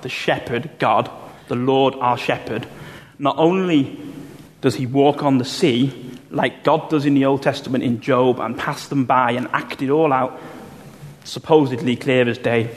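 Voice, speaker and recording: A man preaching a sermon, explaining Bible passages in a measured way and slowing down to stress key phrases. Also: mid-range voice, steady tone. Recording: long hall reverb, faint room noise.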